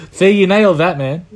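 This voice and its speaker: A man hosting a casual chat in a laid-back, encouraging way. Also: high voice.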